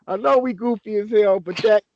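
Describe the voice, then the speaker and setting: High-voiced man ranting excitedly. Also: brisk, lo-fi sound, slight background noise. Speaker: podcast co-host. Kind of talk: casual sports podcast chat.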